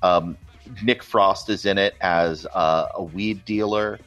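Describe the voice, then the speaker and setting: Deep-voiced man in casual movie chat. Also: steady tone, slow, a bit bright, lo-fi sound, faint music behind. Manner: enthusiastic, rambling with restarts. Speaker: co-host.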